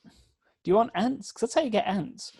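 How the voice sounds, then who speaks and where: Wry man, slightly high voice. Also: fairly quick, vocal fry, darkish tone, breathy edge, no room sound. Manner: wry, jokey asides. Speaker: podcast co-host. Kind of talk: casual comedic film review.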